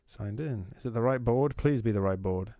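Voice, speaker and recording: Gravelly man muttering on a live stream. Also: on the low side, normal speed, dark tone, a little hiss or hum. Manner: muttering to himself, exasperated. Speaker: streamer giving feedback. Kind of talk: casual live-stream chat.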